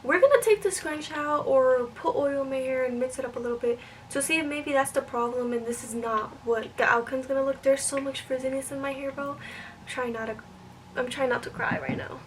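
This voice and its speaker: A young woman with a high voice chats through a hair-styling vlog at home. She sounds self-doubting and thinks aloud as she works, sometimes sinking to a soft whisper. The mic sits well back from her, and there is clear noise behind her voice. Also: brisk, far from the mic, rough recording. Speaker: vlogger. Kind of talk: casual hair tutorial vlog.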